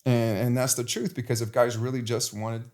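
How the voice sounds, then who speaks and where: A man's voice: mid-range voice, little pitch movement, a little fast, darkish tone. A man in his forties, a podcast guest, talking candidly in a passionate, emphatic way, often restarting his sentences. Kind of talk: candid conversational interview.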